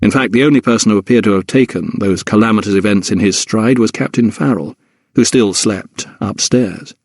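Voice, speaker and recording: Male narrator, low-ish voice, dry close studio read, measured pacing. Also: husky, no echo. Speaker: audiobook narrator. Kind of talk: scripted narration.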